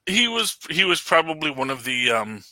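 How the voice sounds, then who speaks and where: A man's voice: on the high side, very animated, fairly quick, bright, forceful tone, no echo. A man hosting a casual podcast chat, rambling enthusiastically with frequent fillers and laughs. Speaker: podcast host reviewing a film.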